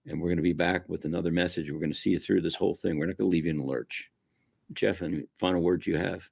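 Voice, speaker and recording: A man's voice: low-pitched, steady tone, fast, gravelly, a little mellow, breathy edge, no room sound, studio quality. A man hosting an interview, talking in a folksy, effusive way with a preacherly sign-off. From Italian-American. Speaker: show host. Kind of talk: casual interview wrap-up.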